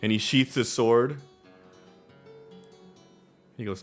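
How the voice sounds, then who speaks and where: A man's voice: on the low side, slow, faint music behind. A man narrating a tabletop game as game master, telling the scene in a laid-back way with plenty of ums and uhs. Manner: laid-back, filler-heavy storytelling.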